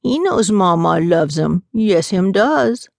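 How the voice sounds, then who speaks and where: A woman's voice: medium pitch, animated, takes it slowly, gravelly, no room sound, studio quality. A woman voicing a feisty grandmother in her seventies, sassy and doting. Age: 70s. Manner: sassy, doting, guilt-tripping. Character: feisty 73-year-old Southern grandmother.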